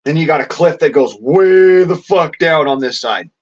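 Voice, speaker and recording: A man's voice: on the high side, expressive, moderate pace, dull audio. A man ranting in a vlog, swearing constantly in a blunt, rambling way with folksy slang. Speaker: vlogger.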